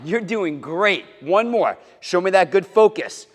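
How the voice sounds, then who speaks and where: A man's voice: high voice, expressive, measured pace, hardly any pauses. A man teaching a karate lesson to kids, upbeat and encouraging, calling out chants and drill counts. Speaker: martial arts instructor. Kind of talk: kids' karate lesson to camera. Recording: long hall reverb.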